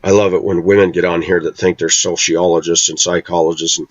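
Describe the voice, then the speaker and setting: A middle-aged man speaks in a lowish voice, pressing every point with intense, emphatic force. The recording is dull and lo-fi, close and dry with no room echo. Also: level tone, fairly quick. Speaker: vlogger. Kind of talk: opinionated monologue.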